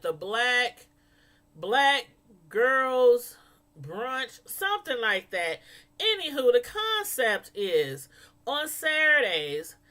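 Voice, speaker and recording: High bright-voiced woman chatting to her viewers about a tv show, laughs a lot. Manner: chatty, laughs a lot, mimics people in quotes. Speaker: vlogger reviewing a reality show. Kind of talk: casual chat to viewers.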